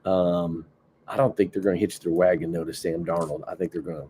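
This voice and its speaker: A man's voice: deep voice, fairly quick, slight background noise. A man co-hosting a podcast, talking casually and laughing easily, with many "like" fillers. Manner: relaxed, laughs often, fillers like "like". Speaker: podcast co-host. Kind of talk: casual sports banter.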